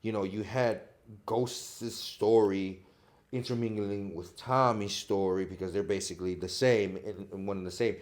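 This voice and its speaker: A man from Chicago, an actor guest on a casual podcast, telling animated stories and acting out quotes with frequent laughter. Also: fairly low pitch, moderate pace. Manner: animated storytelling, acts out quotes, laughs often.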